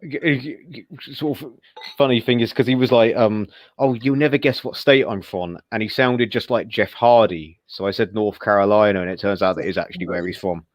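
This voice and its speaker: A man's voice: lowish voice, fairly even intonation, brisk, no room sound. Fan co-host, man, middle voice, dry sound, rambling storyteller. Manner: rambling, stammers on restarts. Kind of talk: casual chat.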